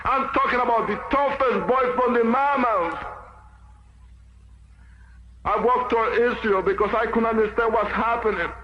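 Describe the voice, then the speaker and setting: Impassioned high-voiced man giving testimony. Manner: impassioned, storytelling, acts out quotes. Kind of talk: emotional testimony sermon. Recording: echoey, muffled, noisy recording.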